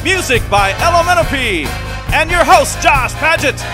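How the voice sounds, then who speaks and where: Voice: high voice, lively intonation, unhurried. An announcer introducing a comedy show and reading out the performers' names. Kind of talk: announcer intro over music. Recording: rock music playing behind. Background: rock music.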